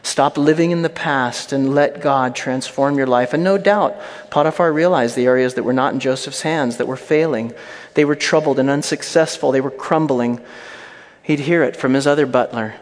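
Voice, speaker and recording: Brief: mid-pitched male pastor, emphatic and repetitive, playful asides, long reverb from a church hall. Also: brisk. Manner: humorous asides. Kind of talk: sermon.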